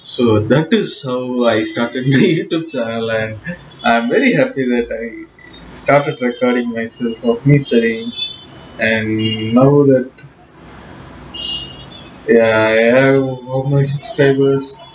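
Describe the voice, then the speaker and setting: A man's voice: mid-range voice, slow, slight background noise. Young guy vlogging in his room, rambly and self-mocking, echoey, kinda muffled. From South India. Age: young adult. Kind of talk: casual talking-to-camera vlog. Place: alone in his bedroom. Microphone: camera. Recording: echoey room, dull lo-fi sound.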